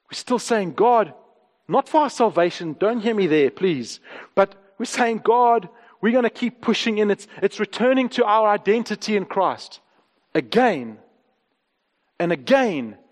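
A man in his thirties preaching to a congregation in a high, light voice. He tells candid stories and circles back to repeated phrases. A long reverb trails off the walls of the hall. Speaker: pastor. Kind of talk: sermon.

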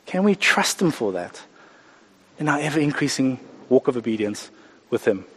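A man preaching a sermon, animated, acting out the voices of the people he talks about. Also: mid-range voice, moderate pace, slightly rough, big-room sound. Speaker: pastor.

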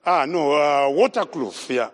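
A high-pitched man preaches at a slow, deliberate pace and weaves his own story into the sermon. He repeats his key phrases and throws questions out to the congregation. His voice carries a long reverb, as if he is speaking in a big hall. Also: expressive. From Zimbabwe. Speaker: evangelist preacher.

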